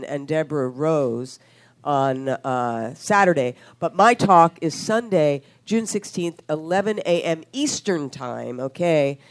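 A woman hosting a radio talk show as a sex therapist, bubbly and joking with callers and co-hosts. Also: sits low.

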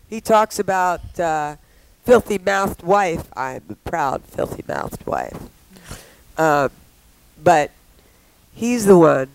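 A woman's voice: medium pitch, poor audio. A woman hosting a talk show, talking in a playful, bawdy, teasing way with callers. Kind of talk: casual radio show chat.

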